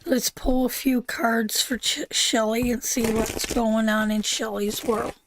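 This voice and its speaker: A woman's voice: a little high, little pitch movement, measured pace, noisy background. A woman giving a live tarot reading in a soothing, repetitive way, calling the listener sweetheart and answering chat messages. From Canada. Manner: soothing, repeats "sweetheart", reads chat aloud. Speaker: tarot reader.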